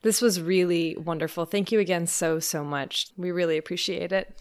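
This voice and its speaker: Woman cohost, slightly low voice, bubbly, laughs a lot. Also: steady tone, moderate pace, clear, resonant tone. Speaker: podcast co-host. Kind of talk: casual podcast chat.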